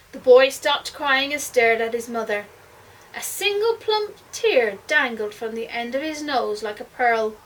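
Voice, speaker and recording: A woman, a primary school teacher, reading a picture book aloud expressively and dropping to a hush at tense moments. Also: high voice, normal speed, recorded from a distance, rough recording. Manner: expressive, hushed at suspense.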